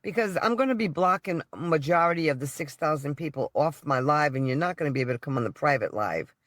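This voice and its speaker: A man's voice: a little high, lively intonation, quick pace, fairly bright tone, no room sound, studio quality. A man on a livestream, defiant and dismissive toward his viewers. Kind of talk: defiant rant to camera.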